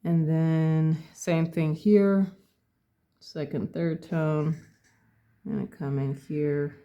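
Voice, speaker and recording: A person calmly talking through a painting tutorial step by step, thinking aloud and correcting their own words as they go. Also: mid-range voice, extremely slow, muffled recording. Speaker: painting instructor.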